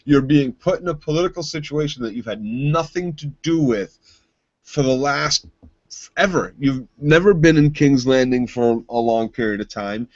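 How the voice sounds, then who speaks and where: A man's voice: medium pitch, moderate pace, darkish tone, no room sound, lo-fi sound. Man, podcast co-host, heated emphatic opinions, swears a lot, dry close sound. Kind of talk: casual recap chat.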